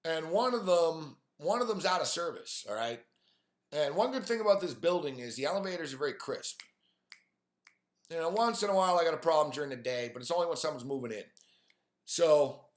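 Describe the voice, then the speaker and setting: A man's voice: a little high, reverberant. A man hosting a live stream, telling an exasperated, profane story with lots of fillers. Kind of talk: profane ranting monologue.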